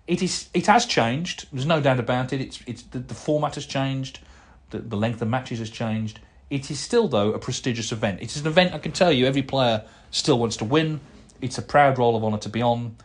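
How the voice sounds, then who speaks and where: A man's voice: mid-range voice, a little fast. A middle-aged man hosting a casual solo podcast, rambling and chatty with plenty of fillers and restarts as he answers listener emails. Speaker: podcast host.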